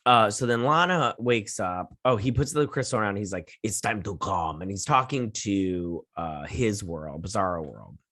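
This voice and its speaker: A man's voice: on the low side, expressive, normal speed, few pauses, a bit bright, no echo, clean studio sound. A man hosting a TV review, recapping an episode in a chatty, sassy way, retelling scenes with lots of "she's like.". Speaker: TV review host.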